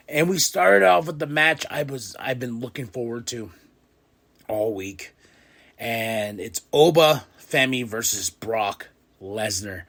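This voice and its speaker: Male podcast host, mid-pitched voice, casual and excitable recap that bursts into animated retelling. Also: a little slow, vocal fry. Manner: fillers and restarts.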